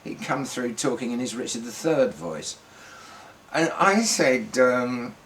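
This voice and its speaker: An older man telling a rambling one-man comedy monologue on stage, halting and restarting often. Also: medium pitch, lively intonation, a bit bright. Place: theatre stage.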